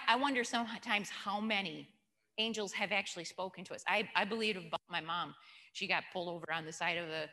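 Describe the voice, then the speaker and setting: A lowish, bright voice with a forceful tone belongs to a woman leading an informal church teaching session. She's chatty, tells stories and quizzes the audience, all heard through long hall reverb.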